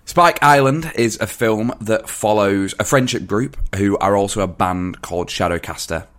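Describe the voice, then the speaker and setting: Man, very low voice, dry storyteller, easygoing. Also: normal speed, fairly bright tone. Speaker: podcast co-host. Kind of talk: casual chat.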